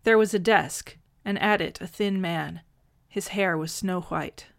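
A woman reading fan fiction aloud in a gentle, measured narrating voice. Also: lowish voice, creaky. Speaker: audiobook reader.

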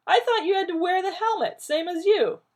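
A woman voicing a terse, guarded male colonel who speaks curtly and irritably, with a creaky, husky voice. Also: on the high side, very animated, unhurried, pitched above the performer's own voice, exaggerated voice. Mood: angry. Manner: curt, irritable.

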